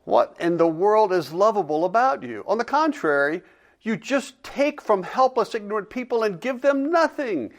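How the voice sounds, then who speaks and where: Bitter, mocking accuser, read by a man, lively and high-pitched, sarcastic. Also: unhurried. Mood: accusing. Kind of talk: dramatic reading of a dialogue.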